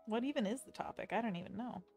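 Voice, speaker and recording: A woman's voice: a little high, fast, a little mellow, faint music behind. A woman streaming her drawing, chatting playfully and reading viewer messages aloud. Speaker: art streamer. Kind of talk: casual chat while drawing on stream.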